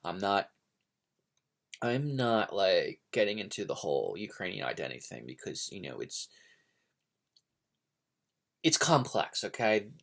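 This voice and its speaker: A man's voice: low-pitched, very animated, unhurried, creaky, pauses often, a bit bright. Rambling, hesitant American man. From United States. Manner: hesitant, many fillers and restarts; digressive, opinionated. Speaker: book vlogger. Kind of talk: casual rambling monologue.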